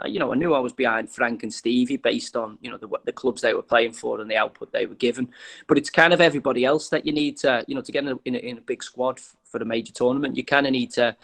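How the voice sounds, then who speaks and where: A man's voice: medium pitch, a bit bright, rough recording. A man from England, a former footballer, talking as a guest in a casual interview, rambling with restarts and lots of "you know".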